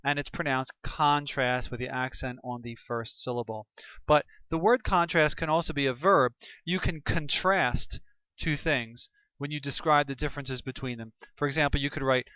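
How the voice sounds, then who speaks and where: Halting casual male teacher, smooth voice. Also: mid-range voice, bright, forceful tone, dry recording, dull audio. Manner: halting, many fillers and restarts. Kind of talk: casual explanatory lesson.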